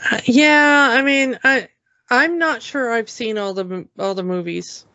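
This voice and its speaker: A woman's voice: fairly high pitch, measured pace, sharp tone, no room sound, muffled recording. A woman co-hosting a podcast in casual chat, agreeable and brief. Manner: agreeable, short replies. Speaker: podcast co-host.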